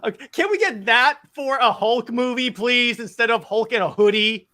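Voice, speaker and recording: Podcast host, male, high and bright, excitable, stammers through his points. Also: moderate pace. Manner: animated, stammering, laughs. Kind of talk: casual podcast discussion.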